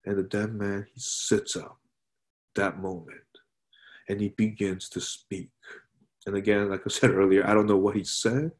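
A man preaching a sermon in a conversational style, often adding "right?" and dropping his voice softly for quoted words. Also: on the low side, steady tone, moderate pace. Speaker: pastor.

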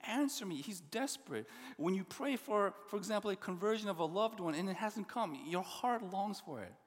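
A pastor preaching a sermon, expressive, often dropping to a hushed voice for emphasis. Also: male voice, high voice, moderate pace. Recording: long reverb of a large hall.

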